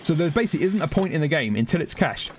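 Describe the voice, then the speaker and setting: A man's voice: fairly high pitch, expressive, very fast, slight background noise. A young man with a London accent chatting casually while streaming gameplay, rambling and breaking off to react to the game. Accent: London English. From Britain. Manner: rambling, self-interrupting, reacting to the game mid-sentence. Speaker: gaming streamer. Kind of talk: casual live-stream chat over gameplay.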